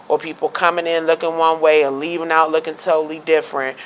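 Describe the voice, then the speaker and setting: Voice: mid-range voice, flat delivery, fast, a little hiss or hum, poor audio. A talk show host, arguing emphatically in casual debate and signing off the show. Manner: emphatic, argumentative, stammers into points.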